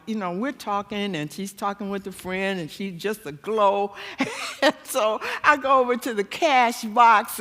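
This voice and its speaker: A woman preacher with a high, bright voice tells a story from the pulpit at an unhurried pace. She is animated and self-mocking and laughs at herself. A long church-hall reverb trails her words. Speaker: guest preacher. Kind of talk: storytelling sermon.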